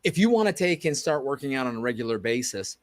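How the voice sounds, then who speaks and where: A man co-hosting a podcast, telling a story in casual chat and acting out the quoted dialogue with lively energy. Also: mid-range voice, fast, no echo. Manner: animated, acts out quoted dialogue. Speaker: podcast co-host.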